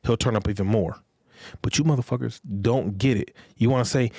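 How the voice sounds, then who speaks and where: A man's voice: mid-range voice, a little fast, darkish tone, husky, dry recording, studio quality. A man hosting a podcast, giving relationship advice in a blunt, profane, lecturing monologue and repeating phrases for emphasis. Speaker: podcast host.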